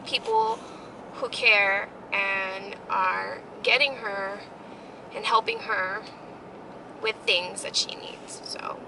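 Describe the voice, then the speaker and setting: A woman's voice: medium pitch, expressive, takes it slowly, gravelly, background noise. A young woman telling a heartfelt story in a casual family vlog, rambling with many fillers. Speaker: family vlogger.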